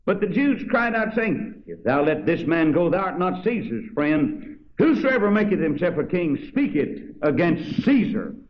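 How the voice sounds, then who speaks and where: A preacher reading scripture aloud with dramatic emphasis, then breaking off to explain it in plain everyday speech. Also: male voice, on the high side, very animated, measured pace. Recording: dull lo-fi sermon recording.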